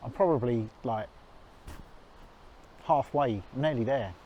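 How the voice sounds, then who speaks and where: A man's voice: medium pitch, takes it slowly, warm tone, highs cut off, a little hiss or hum. A man with a chatty, self-mocking manner, talking to a handheld camera while out on a country walk. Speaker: vlogger. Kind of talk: walking vlog to camera.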